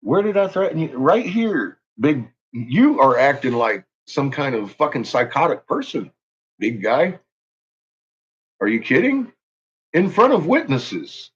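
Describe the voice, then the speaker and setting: A man's voice: mid-range voice, big pitch swings, unhurried, breathy edge, dull audio. A man ranting angrily on his channel, swearing constantly and making heated threats. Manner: profane, heated, swaggering threats. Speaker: YouTuber. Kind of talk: angry ranting vlog.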